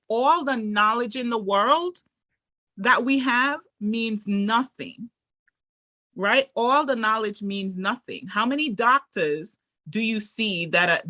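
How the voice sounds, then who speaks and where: A financial expert who agrees readily and speaks haltingly, with many fillers, in a casual workshop conversation. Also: mid-range voice, pushed and bright.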